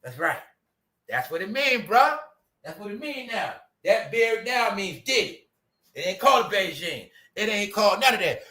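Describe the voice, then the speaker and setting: Loud mocking man ranting in slang. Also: high voice, very animated, moderate pace. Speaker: commentary channel host. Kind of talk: casual ranting commentary.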